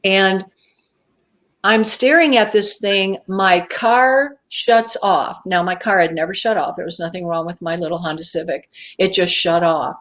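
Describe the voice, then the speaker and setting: A woman's voice: mid-range voice, a little slow. Woman recounting a strange encounter. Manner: animated storytelling, acts out her own past thoughts. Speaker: guest. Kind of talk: telling a personal encounter story.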